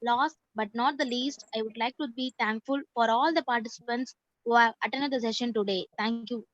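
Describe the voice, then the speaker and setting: A woman's voice: a little high, fairly even intonation, brisk, no room sound, muffled recording. A young woman student reading a formal vote of thanks over a video call. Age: young adult. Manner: formal, read-out.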